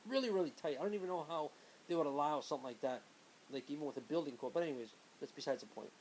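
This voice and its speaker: Rambling storyteller man, higher voice. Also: very fast, darkish tone, a little hiss or hum, rough recording. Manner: rambling, conversational, with asides. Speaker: vlogger. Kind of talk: casual storytelling.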